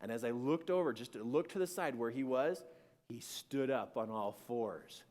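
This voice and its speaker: A man telling a personal spiritual story, animated and acting out scenes, swinging between hushed and shouting. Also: medium pitch, moderate pace, big-room sound.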